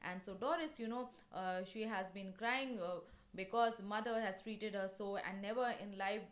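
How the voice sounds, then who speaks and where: A woman with a medium-pitched voice speaks at a normal speed with fairly even intonation. Teaching an English class, she explains a play by retelling a scene, using many fillers and acting out the lines.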